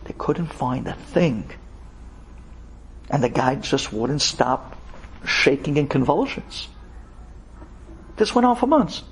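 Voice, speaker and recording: Animated, gravelly rabbi telling a story. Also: male voice, mid-range voice, takes it slowly, long pauses, a little hiss or hum. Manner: animated, conversational, emphatic. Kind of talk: dramatic storytelling.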